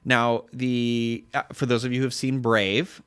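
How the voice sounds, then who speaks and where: A man co-hosting a casual pop-culture news show, rambling and correcting himself, with his voice jumping higher when he gets excited. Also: unhurried, clean tone. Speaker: podcast co-host.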